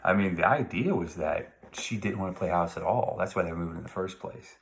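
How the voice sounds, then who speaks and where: Male teacher going over a novel, real low voice, gravelly, chatty and rambly. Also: fairly quick. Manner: conversational, digressive, reads quotes aloud. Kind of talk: recorded literature lecture.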